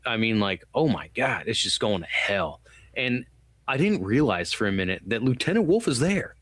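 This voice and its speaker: A man's voice: on the low side, big pitch swings, moderate pace, a bit bright, no echo. A man co-hosting a podcast, talking loosely and with swearing in a casual movie review chat, acting out quotes as he goes. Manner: rambling, loose and profane, acts out quotes. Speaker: podcast co-host.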